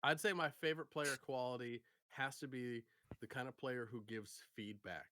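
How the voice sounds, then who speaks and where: A man co-hosting a casual podcast and game master, talking in a relaxed way with many fillers. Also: mid-range voice, moderate pace, noisy background. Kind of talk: casual chat about tabletop games.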